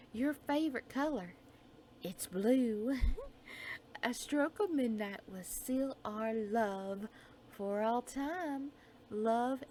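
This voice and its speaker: Slow, soft-spoken woman storyteller. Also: fairly high pitch, slight background noise. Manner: slow, soft, dreamy delivery that drops into whispers. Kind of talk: reading a dark romance story aloud.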